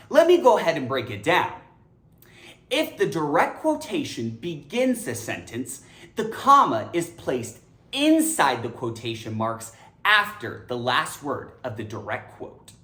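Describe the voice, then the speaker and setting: A woman giving a scripted grammar lesson, animated and emphatic. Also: extremely low pitch, measured pace, roomy sound. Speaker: English grammar teacher.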